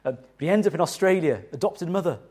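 A middle-aged male pastor preaching with a lively, swooping voice that sits a little high for a man. He talks to the congregation conversationally, restarting phrases and asking rhetorical questions. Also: fast talker. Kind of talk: sermon.

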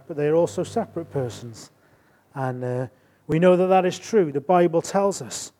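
Guy giving a sermon, warm low-key tone, gets loud and emphatic then quiet. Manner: rises to emphatic bursts then drops to quiet asides. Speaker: preacher.

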